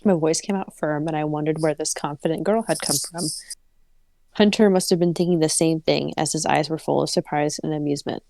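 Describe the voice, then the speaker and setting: A woman's voice: sits low, fairly even intonation, a little fast, creaky, mellow, no room sound. A woman co-hosting a casual podcast, reading a story aloud and breaking off to laugh and joke. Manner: reads prose evenly, breaks off laughing and joking. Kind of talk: casual read-aloud with chat.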